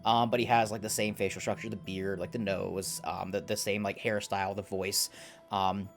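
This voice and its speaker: A man's voice: low-pitched, little pitch movement, moderate pace, vocal fry, soft background music. Laid-back male game master. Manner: loose, filler-heavy narration. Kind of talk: narrating a tabletop game.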